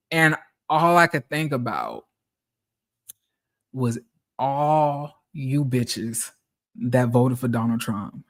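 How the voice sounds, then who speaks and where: A man's voice: medium pitch, animated, slow pace, bright, forceful tone. Exasperated, profane man ranting. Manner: profane, exasperated, repeats phrases. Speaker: streamer. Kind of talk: casual storytelling rant.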